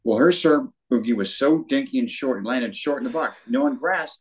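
Older male guest, lively storyteller who acts out quotes, average pitch. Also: brisk, husky. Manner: animated storyteller with acted quotes. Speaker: guest, former tennis pro. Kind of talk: storytelling interview.

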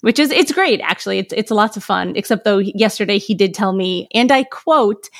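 A woman's voice: mid-range voice, normal speed. A woman hosting a podcast, chatting enthusiastically with her guest and signing off with a friendly outro. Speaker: podcast host. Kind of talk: casual interview chat.

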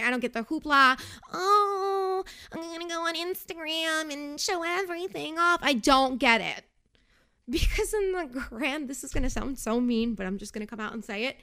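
Bright, chatty young woman recapping TV. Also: sits high, clean tone. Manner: chatty, sarcastic, tangent-prone. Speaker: podcast host. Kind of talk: casual reality TV recap.

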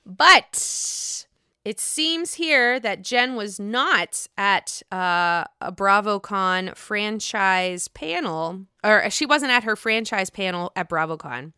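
A young woman casually recapping a reality show on her own, blunt and quick to swear, often mimicking people in exaggerated voices. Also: medium pitch, animated, sharp tone, clear, resonant tone, no echo, clean studio sound. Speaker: reality TV commentator. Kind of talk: casual solo recap chat.

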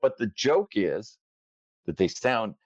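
A man's voice: fairly low pitch, slow, dry recording, lo-fi sound. A man hosting a podcast in casual, joking chat, often slipping into silly voices. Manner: joking, animated, slips into voices. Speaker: podcast host.

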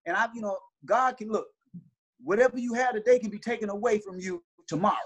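A man's voice: high voice, fast, slightly rough. A middle-aged man, a basketball trainer, telling stories in a casual interview with earnest, repeated restarts.

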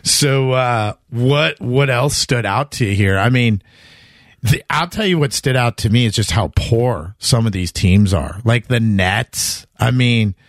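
A man co-hosting a casual sports betting podcast, chatty and quick to act out quotes in a raised voice. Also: mid-range voice, no room sound, studio quality. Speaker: podcast co-host.

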